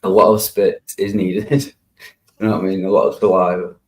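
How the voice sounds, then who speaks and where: Laid-back man, slightly low voice. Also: flat delivery, fairly quick, poor audio. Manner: laughs often, fillers like "like" and "yeah". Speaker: streamer. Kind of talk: casual chat.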